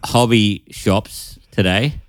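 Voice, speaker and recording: A man co-hosting a comedy podcast over a video call, rambling and stammering as he pitches a joke, often laughing at himself. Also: fairly even intonation, slow pace, no echo, clean studio sound. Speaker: podcast co-host. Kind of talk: casual comedy chat.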